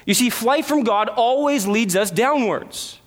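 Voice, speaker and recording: A man preaching a sermon, earnest, with rhetorical questions and dramatic pauses. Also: very high-pitched. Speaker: pastor.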